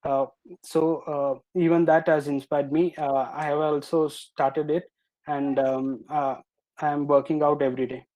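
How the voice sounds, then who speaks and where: A nervous young man answering a panel's questions, hesitating with many filler pauses. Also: a little high, little pitch movement, a little mellow, rough recording. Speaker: student presenter.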